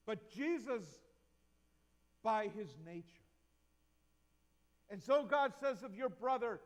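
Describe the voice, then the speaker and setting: A man's voice: very high voice, a little slow, long pauses. A male pastor preaching a sermon in a church, reflective and asking the congregation questions. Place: church sanctuary. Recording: long reverb of a church hall.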